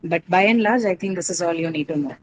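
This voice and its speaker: A woman with a somewhat low voice lectures a class as their teacher. She explains patiently and methodically. She keeps pausing to check that students follow with a quick "right?" or "okay?". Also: a little hiss or hum, rough recording. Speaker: English teacher. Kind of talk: classroom lecture on word stress.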